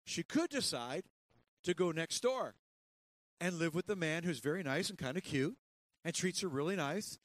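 Male pastor, high voice, animated sermon, repeats words, calls for responses. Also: normal speed.

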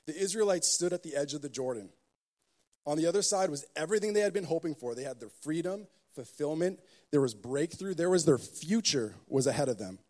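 A pastor preaching a sermon, telling stories with joking asides and building emphasis. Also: male voice, on the high side, dark tone.

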